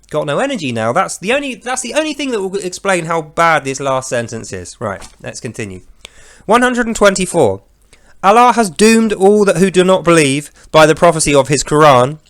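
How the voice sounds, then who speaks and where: A man's voice: a little high, big pitch swings, normal speed, a bit bright. A man hosting a mocking, profane commentary on scripture, speaking sarcastically. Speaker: host of a religious critique channel.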